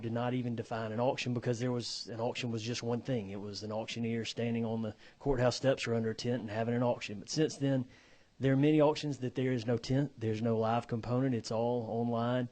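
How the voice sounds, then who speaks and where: Halting man testifying as an auctioneer. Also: medium pitch, steady tone, a little mellow. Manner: halting, repeats words while explaining. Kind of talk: committee testimony.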